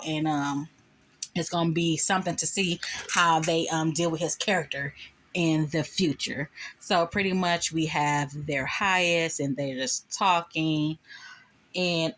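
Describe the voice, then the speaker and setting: A woman giving casual spoken commentary on a show episode, retelling scenes and acting out the lines of the characters in quick quoted bits. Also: low-pitched, fairly bright tone. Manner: chatty, recounts scenes with quoted voices.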